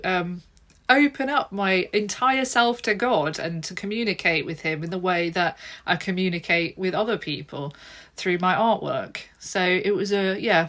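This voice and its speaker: A woman talks easily as a podcast guest, chatty and quick to laugh. Her voice sits at an ordinary middle pitch. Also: fairly bright tone. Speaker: author and illustrator. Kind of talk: podcast interview.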